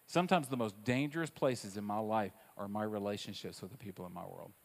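A man's voice: lowish voice, brisk, vocal fry. Preaching man in a reverberant hall. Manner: dynamic preaching, swings from soft asides to loud emphatic repetition. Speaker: pastor. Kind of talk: sermon. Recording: long reverb of a large hall.

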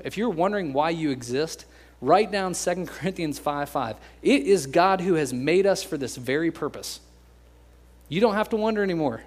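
Joking young American pastor preaching. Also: male voice, fairly high pitch, fairly quick. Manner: conversational and joking, acts out quoted voices. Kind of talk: sermon.

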